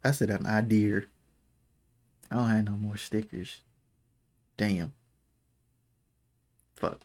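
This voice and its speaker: A man's voice: on the low side, fairly even intonation, takes it slowly, darkish tone. Guy cohosting a couples podcast, joking around and cussing a lot. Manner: teasing, profane, laughs often. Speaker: podcast co-host. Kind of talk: casual chat.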